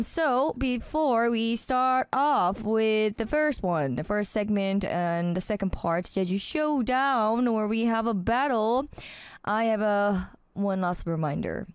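A woman's voice: on the low side, a little mellow, clear, resonant tone, no echo, studio quality. A woman hosting a radio show, chatting casually and cheerfully and laughing often. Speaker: radio host. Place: radio studio.

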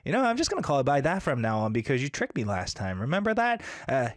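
A man's voice: medium pitch, fast talker, dry recording, studio quality. A man hosting a casual live radio show, reading listener chat messages in a playful, upbeat way. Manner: upbeat, playful, reads listener messages aloud with bursts of excitement.

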